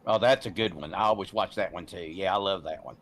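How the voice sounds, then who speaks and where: A man's voice: sits low, fast, fairly bright tone, a little hiss or hum. A man chatting casually with friends, sharing movie trivia and laughing at his own impressions. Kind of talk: casual chat.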